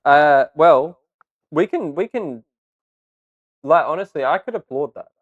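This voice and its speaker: A man's voice: fairly high pitch, lively intonation, moderate pace, breathy edge, no room sound, narrow, tinny audio. A man co-hosting a casual podcast, easily amused, reading passages aloud and repeating his reactions. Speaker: podcast co-host.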